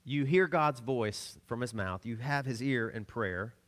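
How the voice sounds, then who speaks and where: A middle-aged man from the American South preaching a sermon, telling stories with laughs and sudden swings between loud and soft. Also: mid-range voice, measured pace. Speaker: pastor.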